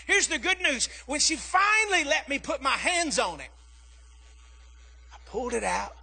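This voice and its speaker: A man preaching a sermon as pastor, telling a family story and rising to shouts. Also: extremely high pitch, normal speed, vocal fry, pauses often. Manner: animated preaching, acting out his daughter's voice, rising to shouts.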